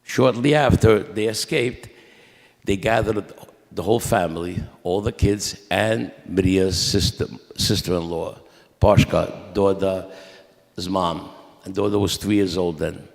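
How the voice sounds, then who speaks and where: A man with a low, gravelly voice recounts his family's story at a memorial service, speaking in a halting, conversational way. His words carry a long reverb through the church. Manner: conversational, halting with restarts and quoted dialogue. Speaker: eulogy speaker at a memorial mass.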